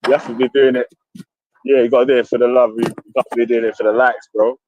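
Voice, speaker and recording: A man's voice: mid-range voice, level tone, fast talker, darkish tone, no room sound. A man hosting a casual online chat, laid-back and slangy. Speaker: host. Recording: dry, slightly dull online audio.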